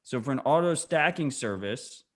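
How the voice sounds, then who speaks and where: A man's voice: medium pitch, lively intonation, moderate pace. A man co-hosting a podcast, explaining things bluntly and swearing in casual chat. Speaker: podcast co-host.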